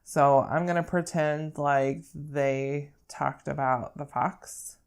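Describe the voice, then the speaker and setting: A young woman speech therapist explaining how to model language during a read-aloud, in an animated teaching manner. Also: low voice, slow, clean tone. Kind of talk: instructional talk with read-aloud.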